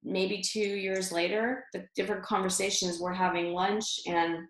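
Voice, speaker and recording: In a room with a lot of echo, a middle-aged woman being interviewed tells a personal story, laughing frequently and starting sentences over. Her voice is mid-range and her speed is normal.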